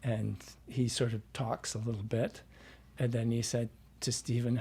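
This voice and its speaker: A dialect coach telling anecdotes in a relaxed, rambling way, full of fillers and restarts. His voice is mellow and a little husky. He sounds like a man chatting casually in an interview. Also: mid-range voice, measured pace, hardly any pauses.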